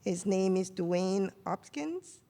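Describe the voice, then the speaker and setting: A woman's voice: medium pitch, expressive, slow pace, creaky, dark tone. A woman hosting a live open mic, thanking performers and introducing the next one.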